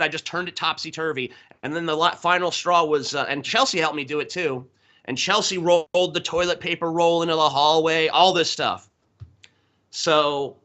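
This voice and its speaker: A man's voice: a little high, bright, forceful tone. A man co-hosting a podcast, casually telling a story full of swearing and stifled laughter over a remote call. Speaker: podcast co-host. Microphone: remote call that drops out.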